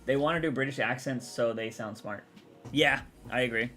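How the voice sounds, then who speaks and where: A young man from Texas, chatting casually on a livestream, rambling and answering chat out loud. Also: mid-range voice, normal speed, faint music behind.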